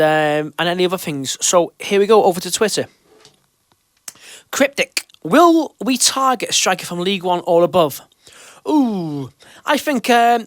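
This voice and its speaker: Hosting a fan show podcast, a man chats casually, reads out listener questions, and offers reassurance, sometimes restarting loosely. His voice is high-pitched and a bit bright, recorded in studio quality without echo.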